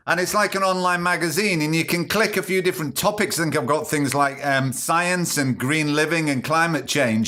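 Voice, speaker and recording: A man's voice: on the high side, sharp tone. A man hosting a comedy podcast, chatty and wry, with rambling asides. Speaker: podcast host.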